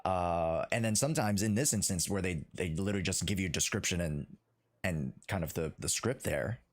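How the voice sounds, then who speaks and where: A man's voice: low-pitched, a little fast. A man hosting a casual interview, easygoing, with frequent fillers and backchannel replies. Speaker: interview host.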